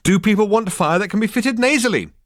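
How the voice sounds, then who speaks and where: A man's voice: sits high, expressive, brisk, no echo, clean studio sound, voice pushed up. A man voicing a strident, bossy young woman from marketing who lectures insistently.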